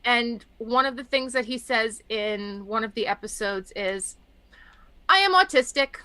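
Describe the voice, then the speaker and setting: High bright-voiced woman chatting. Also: unhurried, no room sound. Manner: animated storyteller acting out quotes. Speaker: podcast host. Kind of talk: casual chat.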